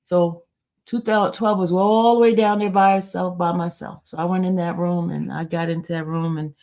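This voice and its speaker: A woman's voice: on the low side, fairly even intonation, moderate pace, warm tone. A woman host telling viewers a personal story in a chatty, rambling way, with many fillers and restarts. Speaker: YouTube host.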